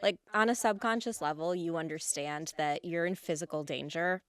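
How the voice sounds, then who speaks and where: A woman hosting a podcast, chatting casually and explaining things with lively emphasis. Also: on the low side, clear, resonant tone, no room sound. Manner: expressive, explains things with quick bursts of emphasis. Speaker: podcast host. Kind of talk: casual interview chat.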